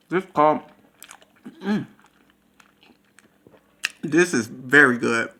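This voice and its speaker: A man doing a casual food review vlog, talking slowly and savoring each bite, recorded on his phone. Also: mid-range voice, sharp tone. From Louisiana Creole. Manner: slow, savoring, breaks into crooning and moans between bites. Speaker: food vlogger. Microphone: phone camera.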